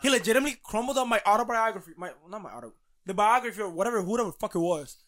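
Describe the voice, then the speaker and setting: A young man telling a story in casual chat, animated and profane, often laughing. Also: high-pitched, racing.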